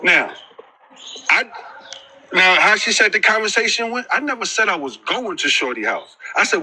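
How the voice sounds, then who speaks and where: New guy getting defensive, stammers a lot, real bright sharp voice. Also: high-pitched, expressive, normal speed, poor audio. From New York. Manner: defensive, stammering, keeps saying hold on and right. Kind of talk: heated argument.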